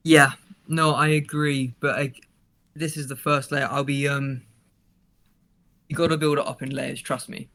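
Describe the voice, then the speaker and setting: A man co-hosting a casual livestream while drawing, relaxed and self-assured. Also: medium pitch, a little slow, pauses often. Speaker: co-host, artist.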